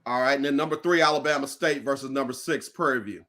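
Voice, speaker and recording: A man hosting a casual sports chat, playful and teasing in quick banter. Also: mid-range voice, pushed and bright. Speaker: show host.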